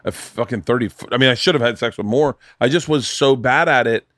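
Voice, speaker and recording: A man hosting a podcast in a casual chat from his home studio, telling loud, profane stories and acting out the people in them. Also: medium pitch, a little fast, no echo. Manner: loud, profane storytelling with acted-out quotes. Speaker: podcast host.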